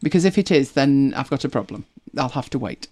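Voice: medium pitch, expressive, fairly quick, a little mellow. A host chatting casually to viewers on a livestream, rambling and correcting themselves as they go. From United Kingdom. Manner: chatty, rambling, self-correcting, laughs often.

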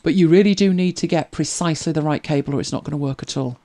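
The host of a tech help show answers viewer questions in a casual, chatty way, laughing easily and repeating words as he starts. His voice is mid-range and dark in tone, and he talks fast.

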